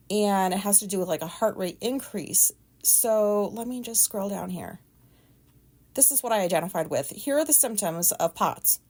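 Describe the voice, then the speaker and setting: Chatty, rambling woman podcaster. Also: mid-range voice. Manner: chatty, rambling, frank and self-deprecating; loud talker. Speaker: podcast host. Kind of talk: casual solo podcast monologue.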